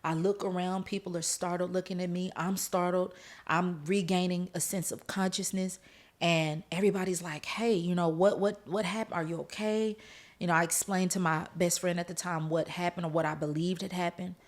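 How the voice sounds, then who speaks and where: A woman with a slightly low voice tells her own testimony on a podcast, speaking straight to her listeners. She is emotional and earnest, and she laughs through the tense parts of the story. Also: flat delivery, brisk. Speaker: podcast host.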